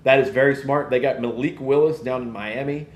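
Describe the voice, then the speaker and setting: A man's voice: mid-range voice, a little fast, slight background noise. Rambling chatty man in an echoey room. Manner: rambling, animated, swears casually. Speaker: podcast host. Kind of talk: casual live-stream chat.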